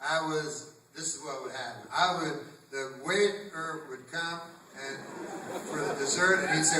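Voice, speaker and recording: Stand-up guy on stage, kinda high voice, rambly and deadpan, recorded far off in a roomy echoey theatre. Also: measured pace, slight background noise. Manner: rambling deadpan delivery with sudden loud outbursts in acted quotes. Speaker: stand-up comedian. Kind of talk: stand-up comedy set. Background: audience laughter.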